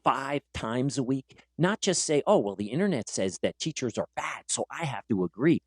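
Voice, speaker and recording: A man's voice: medium pitch, moderate pace, breathy edge, dry recording. A man hosting a podcast and working as a teacher, telling stories in a casual way and acting out the dialogue. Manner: animated, acts out quoted dialogue. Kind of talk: casual conversational storytelling.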